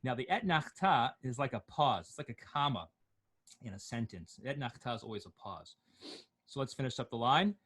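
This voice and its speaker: A man teaching an online class, slowly chanting Torah words and notes, then explaining them in quick, joking asides. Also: mid-range voice, animated, a bit bright, breathy edge. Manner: jokey, asks questions of the class.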